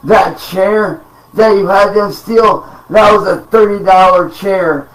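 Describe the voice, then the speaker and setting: A man's voice: sits high, slow, far from the mic. A man in an angry, profane rant to camera, threatening and emphatic, recorded at home. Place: home room. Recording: roomy sound, off-mic.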